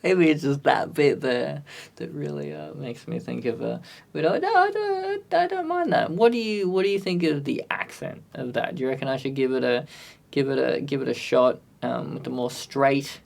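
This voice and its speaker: A man with a medium-pitched, darkish voice and some vocal fry speaks at normal speed. He's live-streaming a music recording session, thinking aloud and chatting casually with viewers in a self-deprecating way.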